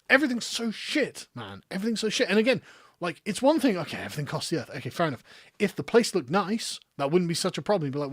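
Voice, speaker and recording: A man's voice: high voice, big pitch swings, quick pace, fairly bright tone, no room sound, clean studio sound. A middle-aged English man hosting a live political stream, sarcastic and exasperated, swearing freely and laughing mid-sentence. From England. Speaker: political commentary host.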